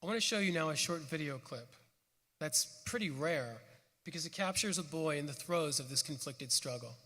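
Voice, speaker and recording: Man, conference speaker, measured and earnest, slightly high voice; hall reverb. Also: animated, pushed and bright. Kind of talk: prepared lecture.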